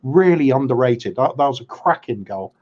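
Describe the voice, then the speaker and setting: A man talks football as a podcast co-host in an easy, unhurried way, often pausing on ums and starting over. His voice sits in an ordinary middle register. The audio is a little dull and lo-fi. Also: mid-range voice, lively intonation. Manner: hesitant, lots of ums and restarts. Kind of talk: casual football chat.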